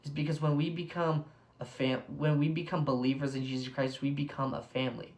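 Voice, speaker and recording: A young man giving a casual Bible devotional. He is excitable, says "like" constantly, and breaks into bursts of enthusiasm. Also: a little high, brisk. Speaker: devotional speaker.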